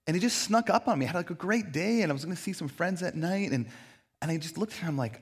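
A man's voice: high-pitched, lively intonation, fast, breathy edge. A man preaching a sermon as a pastor in a church, talking in a casual, conversational way with frequent fillers.

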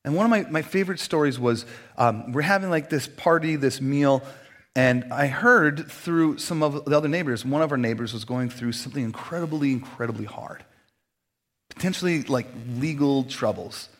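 A middle-aged man, preaching a sermon in a lively storytelling way and acting out the voices he quotes. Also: mid-range voice, moderate pace. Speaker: pastor.

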